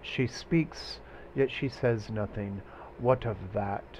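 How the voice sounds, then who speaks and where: A male teacher reciting a young lover's lines slowly and softly. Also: medium pitch, a little hiss or hum, close to an everyday voice. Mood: yearning.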